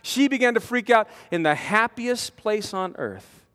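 A man preaching a storytelling sermon, animated, with stammering restarts, swinging from loud to hushed. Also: high-pitched, a little slow, clean tone. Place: large conference hall. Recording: long reverb of a conference hall.

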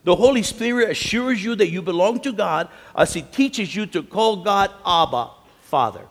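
A man's voice: high voice, normal speed. A middle-aged man preaching at a conference, telling stories animatedly and acting out the quotes. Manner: animated storytelling, acts out quotes. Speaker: conference speaker. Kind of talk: sermon. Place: large conference hall. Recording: long hall reverb.

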